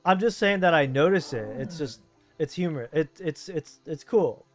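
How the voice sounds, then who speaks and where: A man's voice: on the high side, expressive, normal speed, faint music behind. A man from Southern California with a Southern Californian accent, streaming a game and chatting casually in a rambling, laid-back way. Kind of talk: casual chat while gaming.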